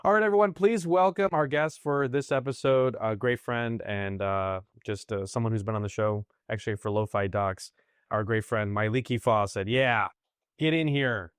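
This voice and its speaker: A man's voice: on the low side, moderate pace, clear, resonant tone, no echo, clean studio sound. A man hosting a casual podcast, enthusiastic and full of fillers. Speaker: podcast host. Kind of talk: casual chat.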